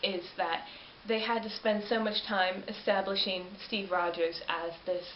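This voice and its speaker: A woman's voice: medium pitch, unhurried. Chatty woman in a roomy, dull recording. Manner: chatty and animated, rambling with self-corrections. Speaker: vlogger. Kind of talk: casual film review chat. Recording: roomy, dull lo-fi webcam audio with faint hiss.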